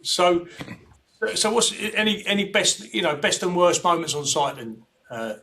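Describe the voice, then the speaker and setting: A man's voice: sits high, sing-song, a little slow, pushed and bright. A man hosting a casual podcast interview, blunt and jokey. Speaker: podcast host.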